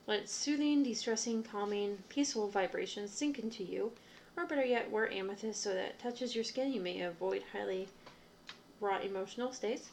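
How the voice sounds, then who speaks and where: A young woman with a gravelly, creaky texture reads from her books in a relaxed, casual way. Her pitch sits in the middle, and she trips over a word here and there. A faint hiss of noise runs underneath. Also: normal speed. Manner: reads lists aloud with small stumbles and asides. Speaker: witchcraft podcaster. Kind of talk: casual reading from reference books.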